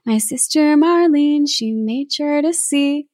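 A woman voicing a ghostly singing bird, the spirit of a murdered little boy, in a slow sing-song chant. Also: high-pitched, darkish tone, no echo, studio quality, soft background music, voice pushed up. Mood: eerie sing-song.

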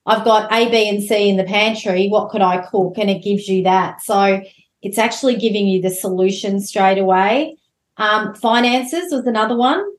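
A woman's voice: medium pitch, moderate pace. A woman hosting a casual podcast interview, enthusiastic and friendly, asking loose, rambling questions. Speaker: podcast host. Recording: echoey room.

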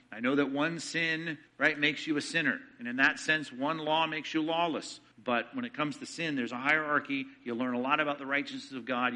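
A man preaching a fast, conversational Bible lesson, asking and answering his own rhetorical questions. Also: a little high, pushed and bright. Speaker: pastor teaching theology. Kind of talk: sermon-style Bible lecture.

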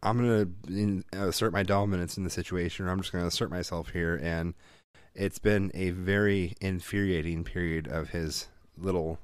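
A man, a father, co-hosting a casual chat, telling animated stories, swearing freely and mimicking voices. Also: sits low, normal speed, clean tone, no room sound, clean studio sound. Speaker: podcast co-host, father.

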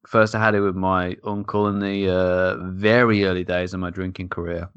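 Podcast co-host, man, young adult, very low voice, dry close sound, chatty and rambling. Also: level tone, moderate pace, few pauses, a bit bright, smooth, dry recording, lo-fi sound. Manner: rambling, jokey, many fillers. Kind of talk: casual chat.

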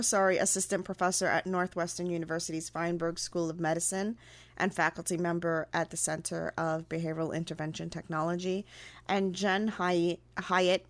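A woman's voice: on the low side, little pitch movement, moderate pace, no echo. A woman co-hosting a casual podcast, reading notes aloud with stumbles and fillers. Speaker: podcast co-host.

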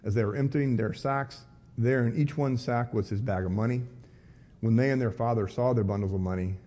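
A man's voice: medium pitch, a little fast, warm tone. A man, a pastor, leading a live Bible study class, reading scripture aloud and breaking off for wry, casual asides.

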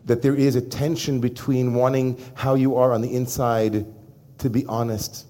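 Brief: male rabbi, lively sermon delivery, mid-pitched voice, talks straight to the room. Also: unhurried. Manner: animated, addresses the congregation directly. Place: synagogue before a congregation.

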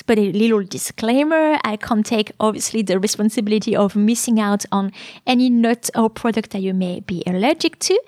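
A woman's voice: fairly high pitch, no room sound, clean studio sound. Chatty woman hosting a French lesson podcast. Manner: chatty and explanatory, with frequent "uh" fillers. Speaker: podcast host and French teacher.

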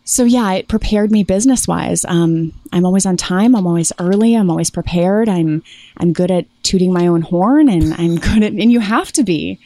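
A woman's voice: lowish voice, moderate pace, dark tone, no room sound. A woman guest on an interview podcast, chatting casually and animatedly and slipping into quoted voices as she tells stories.

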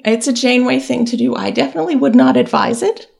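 A woman's voice: on the high side, fast talker, gravelly, a little mellow, soft background music. A woman co-hosting a podcast in casual chat, playful and teasing. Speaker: podcast co-host.

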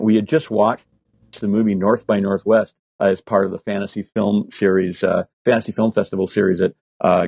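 An older man in his sixties telling animated stories as a guest, swearing freely and filling gaps with fillers. His voice is husky at a middle pitch. The sound is dry and slightly lo-fi. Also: dry recording. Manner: profane, animated anecdotes with many fillers. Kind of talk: casual storytelling interview. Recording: slightly dull lo-fi audio.

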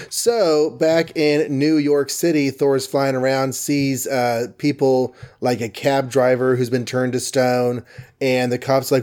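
A man casually recapping a comic book story in an animated, rambling way. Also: mid-range voice, takes it slowly, clear, resonant tone.

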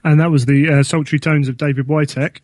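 A man's voice: a little high, level tone, fairly quick, darkish tone, no room sound. A man co-hosting a podcast, good-humoured and a little hesitant as he asks questions. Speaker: podcast co-host. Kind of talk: casual podcast interview.

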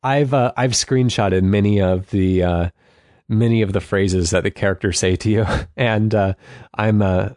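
A low-voiced man talks in a loose, rambling way, using lots of fillers and laughing softly. The recording is close and dead dry, with no room sound at all. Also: fairly even intonation, unhurried, no echo. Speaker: podcast co-host. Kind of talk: casual chat.

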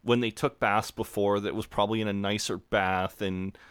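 A man's voice: fairly low pitch, fairly even intonation, moderate pace, smooth. A young man co-hosting a podcast, recapping a TV episode in a sweary, chatty way. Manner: sweary, chatty, retells scenes with relish. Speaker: podcast co-host. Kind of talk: casual recap chat.

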